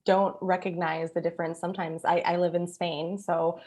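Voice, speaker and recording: Woman host keeping the chat going, a bit low-pitched, laughs easy. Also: little pitch movement, a little mellow. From United States. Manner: encouraging, quick to laugh. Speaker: interview host. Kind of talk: casual interview chat.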